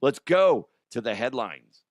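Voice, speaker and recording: A man hosting a casual comedic news show, his voice hoarse and strained, joking crudely and laughing often. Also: mid-range voice, big pitch swings, a little slow. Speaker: podcast host.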